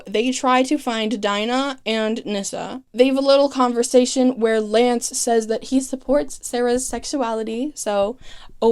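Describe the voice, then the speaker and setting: Young woman, slightly high voice, chatty sarcastic recap host, lots of "like" and "okay". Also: darkish tone, clear, resonant tone. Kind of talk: casual comedic recap narration.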